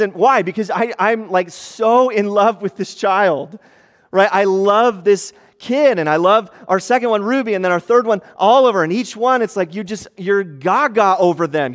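A man in his thirties, a pastor, preaching in a conversational style that moves between hushed and animated. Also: high-pitched, moderate pace, long reverb tail. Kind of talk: sermon.

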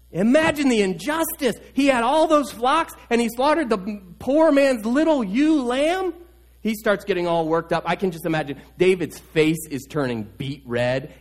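Casting: lively male preacher, slightly high voice, storytelling sermon style with repetitions. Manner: animated storytelling, repeats key words. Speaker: pastor.

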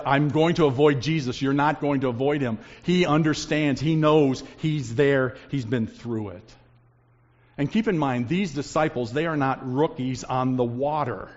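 Preaching man in an echoing hall. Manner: dramatic shifts between loud emphasis and hushed low lines. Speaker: pastor. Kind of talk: sermon. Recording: long reverb, dull lo-fi sound.

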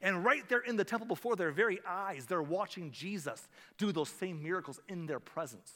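A male pastor preaching a sermon, dynamic and shifting between hushed, gentle passages and loud, emphatic ones. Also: sits high, animated, moderate pace, in a large hall.

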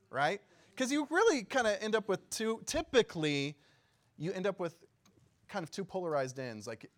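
Chatty man preaching a sermon. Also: a little high. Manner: conversational, often checks in with the audience with questions; laughs easily and jokes. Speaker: pastor. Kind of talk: casual sermon teaching.

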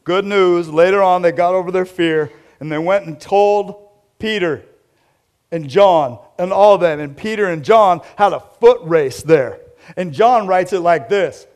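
Brief: male pastor, a bit high-pitched, energetic storyteller who speaks directly to the congregation. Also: normal speed. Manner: animated storytelling, talks straight to listeners. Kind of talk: sermon.

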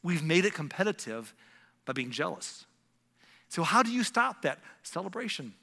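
A man's voice: a little high, sing-song, normal speed, creaky, bright, forceful tone, big-room sound. A middle-aged man preaching a sermon as pastor, talking conversationally and acting out little scenes in shifting voices.

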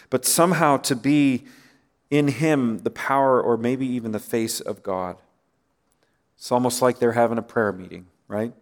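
A man preaching a sermon in a conversational way, often asking listeners rhetorical questions and letting his voice drop at the ends of phrases. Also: mid-range voice. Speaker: pastor.

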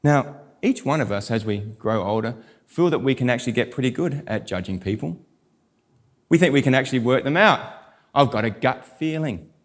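A middle-aged pastor, preaching a sermon and telling stories with animated quoted voices. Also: male voice, medium pitch, normal speed.

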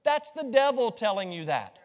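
High-voiced pastor preaching in a reverberant hall. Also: male voice, moderate pace. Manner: lively, joking, quizzes the congregation. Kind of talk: sermon.

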